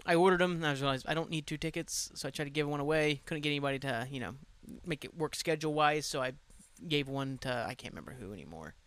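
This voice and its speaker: Excitable swearing podcast host, crisp and dry. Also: male voice, fairly high pitch, quick pace, no echo. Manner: rambling, excitable, swears freely. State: tired. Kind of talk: casual solo podcast chat. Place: at home.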